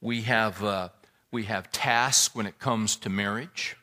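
A man preaching a sermon in a bright, forceful voice that sits a little low. He talks in an earnest, folksy way and slips easily into telling a story. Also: slow pace. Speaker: pastor. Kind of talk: sermon with prayer and joke.

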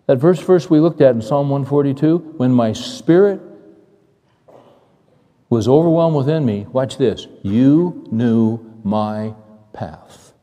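Man, pastor, sermon, conversational preaching, repeats phrases, questions the congregation, fairly high mellow voice, long church reverb. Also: lively intonation, slow.

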